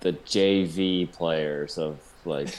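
Deep-voiced rambling podcast host. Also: male voice, fairly even intonation, a little mellow. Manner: rambling, halting. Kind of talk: casual sports chat.

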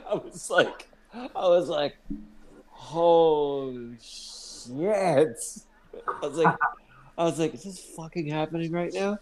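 A young man with a fairly high voice tells a story among friends. He laughs his way through it, swears freely and acts out everyone's lines. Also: slow pace, darkish tone, slight background noise.

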